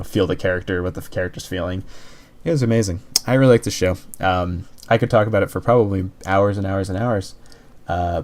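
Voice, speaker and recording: Man, lowish voice, casual review, rambling, lots of "like", earnest. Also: darkish tone. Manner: rambling, heavy use of "like", frequent restarts; earnest, openly emotional. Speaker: anime reviewer.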